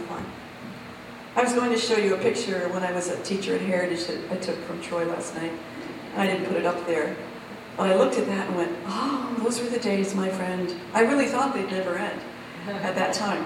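A woman preaching a lively sermon to a church, acting out God speaking and swinging between loud and soft. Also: medium pitch. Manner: animated, acts out God's voice and swings loud and soft. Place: church hall. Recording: echoey hall from far off, noisy.

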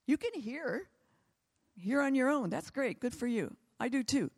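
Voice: high voice, lively intonation, measured pace, husky, long reverb tail. A preacher delivering a sermon that closes in prayer, with fervent, repetitive exhortation.

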